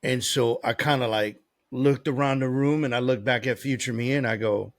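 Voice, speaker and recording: A man's voice: mid-range voice, steady tone, moderate pace. A man who works as a business coach, telling a personal story as a podcast guest in a blunt, profane, sarcastic way. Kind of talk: casual storytelling.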